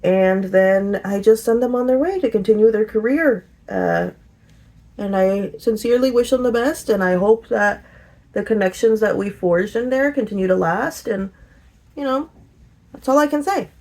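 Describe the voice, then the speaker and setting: A middle-aged woman chatting casually in a get-ready-with-me vlog, telling a lively story with laughter. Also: mid-range voice, moderate pace. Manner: animated storytelling, laughing and singing along. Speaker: vlogger.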